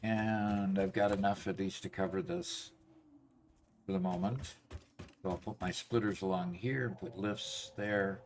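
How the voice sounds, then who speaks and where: A man streaming a factory-building game, thinking aloud in a halting, self-correcting way while fighting off hiccups. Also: on the low side, lively intonation, creaky, darkish tone, slight background noise. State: has hiccups. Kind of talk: casual gameplay chat.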